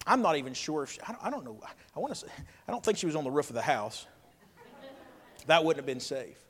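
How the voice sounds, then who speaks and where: A man, a pastor preaching a sermon with emphatic swings between loud and quiet. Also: on the high side. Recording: long reverb of a hall.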